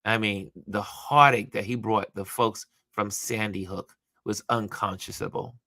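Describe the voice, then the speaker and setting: Chatty man hosting a live stream, low voice. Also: fairly even intonation, measured pace, bright, forceful tone, no echo. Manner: chatty, greets viewers by name, many restarts. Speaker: livestream host. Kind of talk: casual live-stream commentary.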